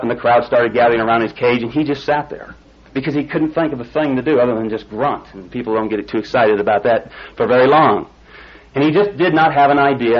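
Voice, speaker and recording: A man's voice: mid-range voice, breathy edge, highs cut off. A man preaching a sermon, telling a folksy illustration story before turning to scripture. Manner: folksy storytelling, rising excited when telling the climax.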